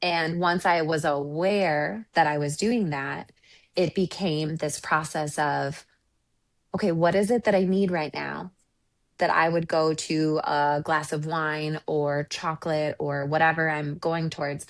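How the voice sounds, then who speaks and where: Reflective woman coach, slightly low voice. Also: steady tone, unhurried. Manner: reflective, earnest, often ending points with "right?". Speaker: relationship coach and Reiki practitioner. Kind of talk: conversational interview storytelling.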